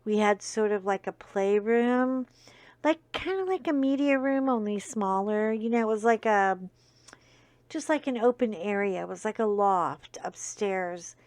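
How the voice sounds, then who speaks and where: Woman, middle-aged, casual storytelling host, rambling with fillers, sniffly nose, slow pace. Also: medium pitch, darkish tone, no room sound. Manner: rambling, full of fillers and asides.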